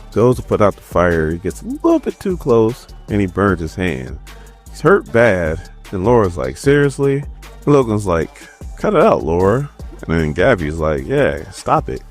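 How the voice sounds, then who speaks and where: Man, comics reviewer, low voice, lively jokey delivery, soft music bed. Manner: animated, joking storyteller. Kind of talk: casual comic recap commentary.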